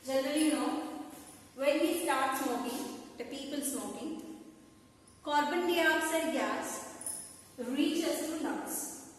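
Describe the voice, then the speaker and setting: A woman's voice: high-pitched, slow, long pauses, slight background noise. A woman with a Telugu-influenced Indian English accent teaching a school science lesson, repeating points and checking whether students understood. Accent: Indian English, Telugu-speaking. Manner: repetitive, checks understanding with questions. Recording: echoey room from far off.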